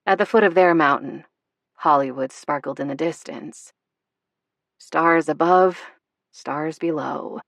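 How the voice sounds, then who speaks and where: A woman narrating a novel in a measured, expressive way. Her voice sits low, and the recording is dry and close with no room sound. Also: gravelly, dry recording. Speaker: audiobook narrator. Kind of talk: scripted narration.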